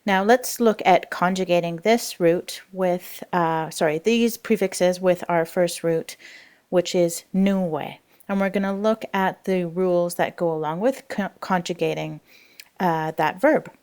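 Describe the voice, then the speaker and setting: A woman's voice: fairly low pitch, fairly even intonation, unhurried, a little mellow, clean tone. A woman language teacher explaining grammar rules in a recorded lesson, patient and explanatory with frequent fillers.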